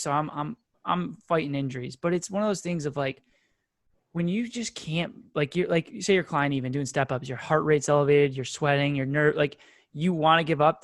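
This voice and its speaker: A man's voice: a little high, fairly bright tone, no echo. Upbeat, slangy man, dry close sound. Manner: enthusiastic, slangy, many "like" and "dude". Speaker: podcast host. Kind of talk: casual chat.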